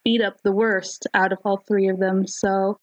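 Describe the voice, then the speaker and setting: A woman co-hosting a casual podcast discussion, enthusiastic and quick to laugh. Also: mid-range voice, flat delivery, no room sound, low-quality recording. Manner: giggly, enthusiastic, laughs often. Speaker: podcast co-host.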